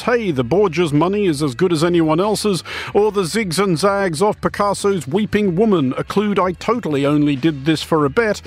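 Man, radio host, dry mock-pompous delivery, slightly high voice, scripted satire.

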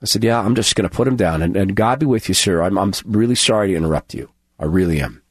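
A man hosting a radio show, telling a personal story in an earnest, halting way and acting out the dialogue. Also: deep voice, breathy edge, dry recording, studio quality. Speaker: radio host.

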